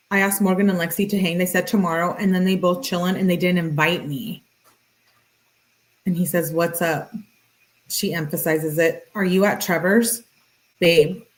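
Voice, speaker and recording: Woman, lower-pitched voice, plain matter-of-fact reading, casual video host. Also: rough recording. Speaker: true-crime video host. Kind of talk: reading text messages aloud with casual asides.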